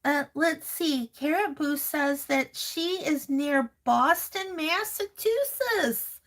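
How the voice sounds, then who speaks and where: Reading through viewer comments on her crafting live stream, this host laughs a lot and affectionately calls people honey and sweetheart. Her woman's voice is high-pitched and a bit bright, and she talks slowly and casually.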